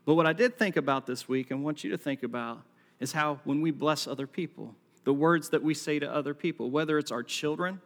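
A man's voice: on the high side, gravelly, fairly bright tone. Man preaching in a reverberant hall. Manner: storytelling, acts out the quoted lines, jokey asides. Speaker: pastor. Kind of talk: sermon. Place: large hall with a live congregation.

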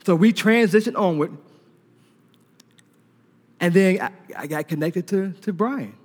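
A man preaching a sermon to a congregation, telling a personal story in an animated way, laughing and acting out conversations. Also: high-pitched, a little slow. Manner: animated storyteller who laughs and acts out dialogue. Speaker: preacher giving a testimony. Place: large hall before a congregation. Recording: long reverb from a large hall.

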